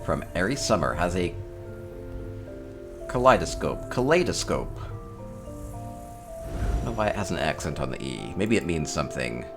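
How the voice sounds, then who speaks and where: A man's voice: extremely low pitch, expressive, moderate pace, pauses often, music in the background. A man hosting a casual tour of player homes in a game, chatting upbeat and thinking aloud with small chuckles. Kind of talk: casual gameplay commentary.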